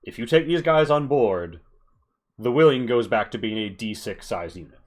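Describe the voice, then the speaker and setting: A man narrating as game master of a tabletop game, explaining in a relaxed, casual way. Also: medium pitch, normal speed.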